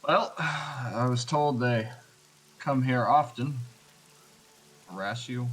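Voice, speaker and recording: A man playing his character in a tabletop game, calm and measured. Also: medium pitch, poor audio. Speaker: player. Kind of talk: tabletop role-play.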